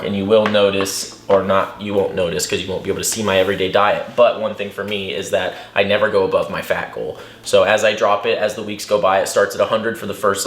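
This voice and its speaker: A man's voice: lowish voice, a bit bright. A bodybuilder and nutrition coach talking his viewers through a how-to vlog in a casual, chatty way, calling them guys. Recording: echoey room.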